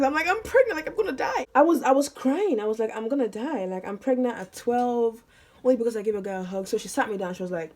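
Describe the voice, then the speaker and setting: A woman's voice: medium pitch, a little mellow. A young woman vlogger telling a story in casual, chatty talk while doing her makeup, full of fillers and laughter. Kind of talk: casual get-ready-with-me storytelling.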